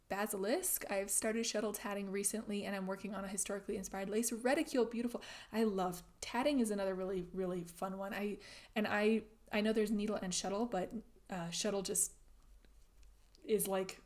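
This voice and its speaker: A woman's voice: medium pitch, steady tone, normal speed. A woman hosting a casual craft livestream, chatting easily as she reads out viewer comments and tends to trail off mid-thought. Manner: chatty, warm-hearted, trails off and restarts. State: out of breath. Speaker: livestream host.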